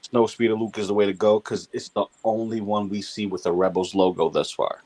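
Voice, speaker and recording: A man's voice: on the low side, fairly even intonation, fairly quick, darkish tone. A playful man in a casual group chat about collectible figures.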